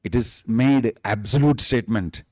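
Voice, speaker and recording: A man's voice: medium pitch, normal speed, darkish tone, no echo, clean studio sound. A man giving a sermon as a swami, emphatic and repetitive, stretching out key words. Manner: emphatic, repeats points, draws out key words. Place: temple hall.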